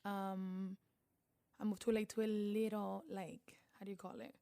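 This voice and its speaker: A woman from Panama with a Spanish accent, talking in a relaxed interview. She tells stories with energy and acts out the people she quotes. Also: medium pitch, normal speed, gravelly. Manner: animated storyteller, acts out quoted voices. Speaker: guest, beauty vlogger. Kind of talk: casual interview.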